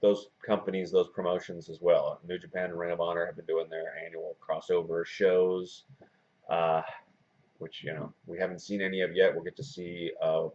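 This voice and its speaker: Low-voiced man in his forties, rambling vlog. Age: 40s. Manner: self-described monotone, rambling with many fillers and restarts. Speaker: wrestling blogger and video host. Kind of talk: casual video blog chat. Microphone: camera mic. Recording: dull lo-fi camera audio.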